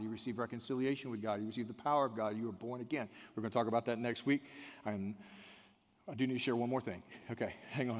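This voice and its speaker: Male pastor, sermon delivery, medium pitch, long church-hall reverb, dynamic from hushed to shouting. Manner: swings from quiet and intimate to loud, shouted emphasis.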